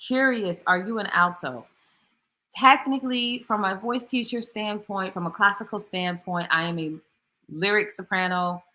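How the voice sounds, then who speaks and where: Woman vocal coach, casual livestream Q&A, bright tone, lively and slangy. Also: normal speed. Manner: chatty and animated, drops into slangy asides; voice jumps much higher in playful bursts. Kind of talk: casual livestream Q&A, reading viewer comments.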